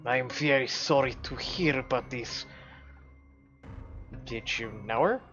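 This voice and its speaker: A man voicing a big, grave man with a put-on Russian accent who speaks slowly and heavily, over a slightly dull recording with faint game music. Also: medium pitch, fairly bright tone, lightly acted.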